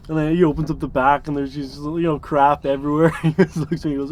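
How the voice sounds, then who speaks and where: A man's voice: fairly high pitch, steady tone, fast, darkish tone. A man in his early twenties telling stories in a casual, rambling way, full of fillers and small chuckles. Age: 20s. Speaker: interviewee, van dweller. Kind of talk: casual storytelling.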